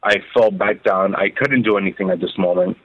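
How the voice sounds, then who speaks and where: A man telling his own story as an interview guest, halting and repeating words as he recounts it. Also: sits low, steady tone, no echo. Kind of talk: emotional first-person testimony. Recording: phone-like narrow band.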